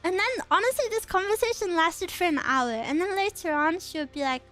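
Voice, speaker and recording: Very high-voiced giggly woman streamer. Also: a little fast, fairly bright tone, soft background music. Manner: giggly, laughs often between stories; playful, teasing storytelling. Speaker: VTuber streamer. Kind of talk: casual chat.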